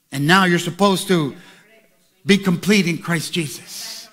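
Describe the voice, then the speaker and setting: A pastor preaching a sermon, moving from quiet asides to shouted calls to the congregation. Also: male voice, high-pitched, a little slow.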